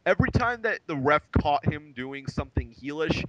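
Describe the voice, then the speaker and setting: A man co-hosts a wrestling recap podcast in a jokey, excitable way. His voice sits high and swings around a lot. The sound is bright and dry. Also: moderate pace, no echo, lo-fi sound. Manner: excitable, jokey, drops into impressions. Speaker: podcast co-host. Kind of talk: casual wrestling recap chat.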